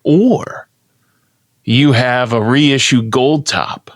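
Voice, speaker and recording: A man's voice: mid-range voice, extremely slow, no echo, clean studio sound. A man co-hosting a podcast, announcing a game segment with a showman's flair and then casually laying out the rules. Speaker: podcast co-host.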